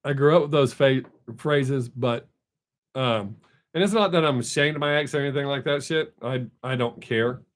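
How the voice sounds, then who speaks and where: A man's voice: medium pitch, moderate pace. A middle-aged man, chatting loosely and profanely with viewers as a live-stream host. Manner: rambling, loose and profane, with frequent restarts. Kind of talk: casual live-stream chat.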